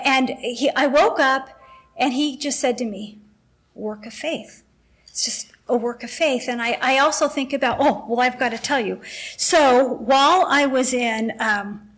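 A middle-aged woman sharing an emotional, rambling personal testimony with a faith group, acting out the dialogue as she tells it. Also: a little high.

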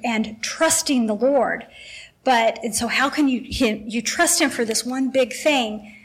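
Husky-voiced woman telling a faith testimony. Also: a little high. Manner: emotional, rambling, acts out dialogue. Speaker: speaker sharing a testimony. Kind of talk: personal testimony to a faith group.

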